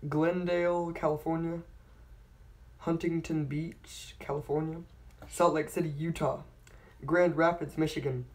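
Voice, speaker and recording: A channel host slowly reading out a long list of place names, stumbling on hard ones, retrying them and apologizing for mispronouncing. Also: mid-range voice, flat delivery. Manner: apologetic about pronunciation.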